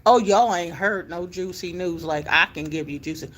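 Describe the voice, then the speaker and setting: A middle-aged woman, telling a personal story in a casual, animated way with emphatic exclamations. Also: on the low side, moderate pace. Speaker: vlogger telling her life story.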